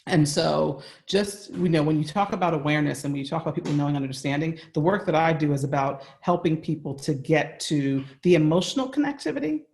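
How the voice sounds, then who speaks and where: A man with an American accent speaks as a guest over a video call from his home. His voice sits a little high, and his talk is earnest and conversational, often checking in with the listener. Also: fast, gravelly, hardly any pauses, darkish tone. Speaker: guest speaker on workplace bias. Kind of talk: remote interview.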